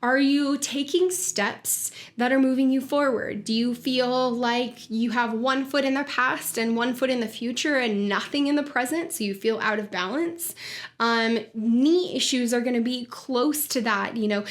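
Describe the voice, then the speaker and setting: Woman, slightly high voice, podcast host, earnest, conversational, casual monologue. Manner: earnest, conversational, with fillers and restarts. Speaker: podcast host and wellness coach.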